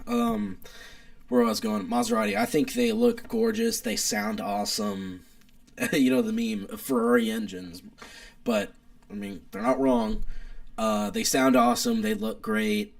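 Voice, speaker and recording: A young man chatting casually on a live stream with an animated, rambling delivery. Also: a little slow, vocal fry. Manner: animated, rambling car enthusiast, wide pitch swings.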